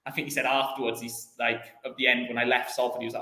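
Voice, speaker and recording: A man's voice: medium pitch, flat delivery, fast talker, hardly any pauses, sharp tone, echoey room, poor audio. A young man, a footballer guest, telling stories in a casual chatty interview, rambling with lots of restarts and fillers.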